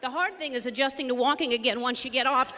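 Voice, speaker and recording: A woman's voice: high voice, fast, sharp tone, big-room sound, a little hiss or hum. A woman doing observational stand-up on a theater stage, wry and questioning in her delivery. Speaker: stand-up comedian.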